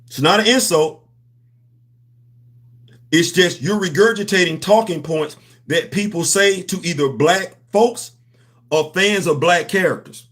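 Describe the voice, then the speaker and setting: A man with hosting a comics livestream, talking to his chat in an animated, preachy, slangy way. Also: fairly high pitch. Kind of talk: casual livestream commentary.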